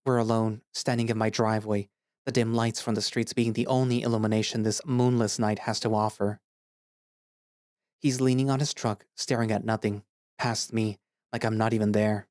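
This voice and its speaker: A man's voice: on the low side, normal speed, no room sound, clean studio sound. A man reading as an earnest anthro narrator. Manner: earnest and expressive, rising to anger. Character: emotional young male anthro narrator, open-hearted. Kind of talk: first-person dramatic audio story reading. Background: background music.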